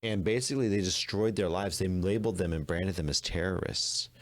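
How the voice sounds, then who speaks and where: Low voiced guy on a christian podcast, gets fired up making his case. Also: fairly quick. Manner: emphatic, argues with rising intensity. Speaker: podcast host. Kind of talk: apologetics podcast discussion.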